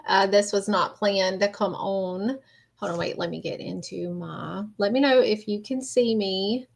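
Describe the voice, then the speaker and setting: A woman talks straight to her livestream viewers through a phone or webcam. Her speech is halting and rambling, with many fillers, and her voice sits in a middle range. She sounds emotional and close to tears. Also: mid-range voice, vocal fry. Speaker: livestream host. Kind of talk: casual livestream chat.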